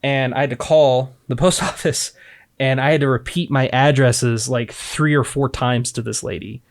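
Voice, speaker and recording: A man co-hosting a podcast, chatting casually and talking fast with animated swings and frequent swearing. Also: medium pitch, creaky. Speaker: podcast co-host. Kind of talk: casual chat.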